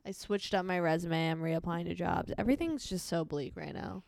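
A woman's voice: lowish voice, a little fast, vocal fry, darkish tone, no room sound, clean studio sound. A young adult woman co-hosting a casual chat podcast, telling stories with quoted dialogue and frequent laughter. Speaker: podcast co-host.

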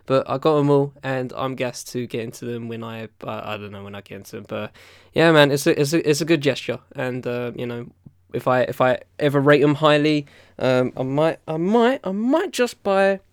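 Rambling man with a smooth, dry voice. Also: mid-range voice, animated, normal speed, no room sound. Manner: rambling, filler-heavy, loose and swearing. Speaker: podcast co-host. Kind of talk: casual chat.

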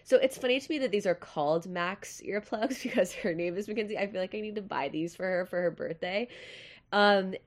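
A woman's voice: mid-range voice, a little fast. A young woman hosting a podcast in casual, chatty, self-deprecating talk, with a nasal voice. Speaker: podcast host.

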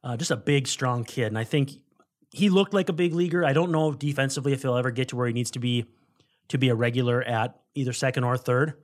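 A man's voice: mid-range voice, fast. Rambling man on a sports podcast. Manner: rambling, digressive, self-correcting. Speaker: baseball podcast co-host. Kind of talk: casual sports chat.

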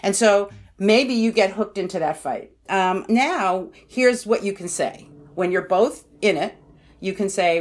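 A woman's voice: medium pitch, unhurried. A woman, a parenting author, giving conversational interview answers in an explanatory way, often saying "you know" and acting out what parents and kids say.

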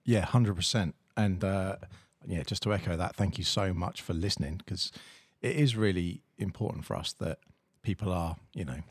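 A man's voice: low-pitched, moderate pace, hardly any pauses, breathy edge, dry recording. A man with a British accent co-hosting a podcast in laid-back, teasing casual chat. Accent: British English. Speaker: podcast co-host.

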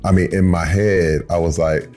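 A man's voice: sits low, steady tone, moderate pace, darkish tone, faint music behind. A man in his fifties from Flint, Michigan, telling his story in a hesitant, self-deprecating way, with many restarts and fillers. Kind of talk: casual storytelling chat.

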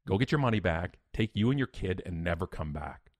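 A man voicing a stern, protective female movie theater manager who talks bluntly, in a low, dry voice. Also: expressive, brisk, dry recording. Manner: blunt, commanding.

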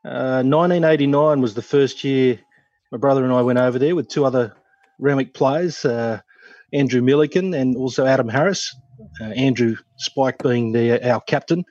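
A man, a former cricketer, telling lively anecdotes in a casual chat, laughing as he goes. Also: mid-range voice, moderate pace, dry recording, dull audio. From Australia. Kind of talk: casual storytelling.

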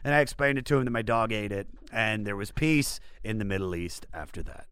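A man's voice: fairly low pitch, animated, brisk, fairly bright tone, clear, resonant tone, no room sound. A man hosting a podcast, casually telling a rambling, profane story. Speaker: podcast host.

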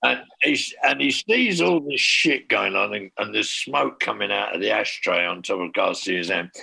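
A man, a former band manager, telling a profane and animated backstage anecdote in casual talk. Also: on the low side, moderate pace, vocal fry, breathy edge.

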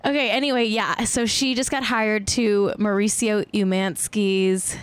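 Speaking a little slowly with few pauses, a California woman in her thirties hosts a laid-back celebrity-news live stream as a podcast host. Her medium-pitched voice is steady, clear, and resonant, and she rambles, giggles, and teases herself.

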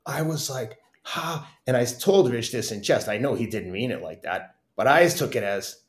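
Animated middle-aged man telling stories. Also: mid-range voice, normal speed, reverberant. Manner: animated, laughing, acts out quotes. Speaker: podcast guest, runner. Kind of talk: casual storytelling interview.

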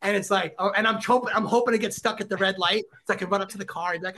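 A middle-aged man as a podcast guest, an excitable storyteller who acts out quotes in casual chat. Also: high-pitched, rapid-fire, a little hiss or hum. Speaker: podcast guest, former celebrity reporter.

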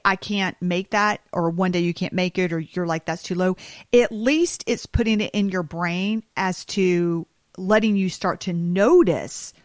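Animated woman podcast co-host, dry sound. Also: mid-range voice, no room sound. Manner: animated, teasing storyteller. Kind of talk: casual chat.

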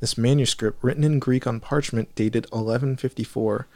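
A man hosting a podcast, reading a text aloud haltingly with fillers and skipped words. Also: mid-range voice, fairly even intonation, a little mellow, no echo. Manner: reads haltingly, with fillers and skips. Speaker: podcast host.

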